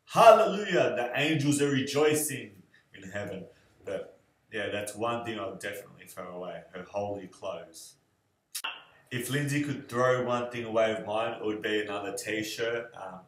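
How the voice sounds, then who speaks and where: Rambling low-voiced young man, echoey room. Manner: relaxed, rambling, many fillers. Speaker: groom answering questionnaire. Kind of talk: casual video answers.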